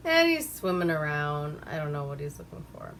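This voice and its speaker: A woman's voice: sits low, sing-song, normal speed, a bit bright, a little hiss or hum. A woman giving a rambling, profane, casual recap of an old movie and laughing at herself. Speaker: movie reviewer.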